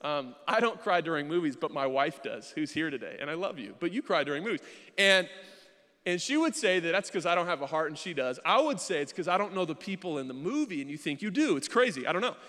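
A young male pastor preaches in a relaxed, joking way, now and then acting out his own thoughts in quoted asides. His voice sits a little high for a man. The sound trails off in the long reverb of a big church hall. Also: fast talker. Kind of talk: sermon. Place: church sanctuary.

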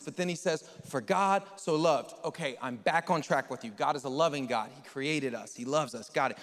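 A man preaching a sermon as pastor, his voice swinging from loud and emphatic to quiet and hushed. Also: a little high, fast. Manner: animated preaching, voice rising loud then dropping quiet. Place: church sanctuary. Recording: large hall with long reverb, soft music behind.

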